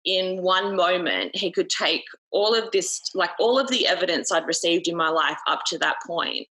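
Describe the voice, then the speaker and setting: A woman's voice: fairly low pitch, normal speed, pushed and bright, rough recording. A young Australian woman, a podcast guest, talking candidly in casual conversation, swearing freely and peppering her speech with fillers. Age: young adult.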